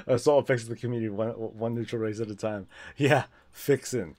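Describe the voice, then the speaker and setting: A man's voice: medium pitch, steady tone, unhurried, mellow. A man chatting casually on a gaming livestream, rambling, restarting his sentences and laughing often.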